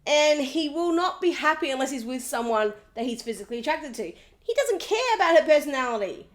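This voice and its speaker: A woman recapping a reality TV episode in an animated, sarcastic, gossipy way, often mimicking the people she talks about. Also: high voice, a little fast.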